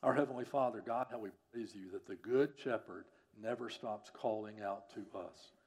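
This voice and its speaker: A man preaching a sermon as a church pastor, earnest and pleading, who builds up to loud, emphatic peaks and then drops low again. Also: normal speed. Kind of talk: sermon and closing prayer.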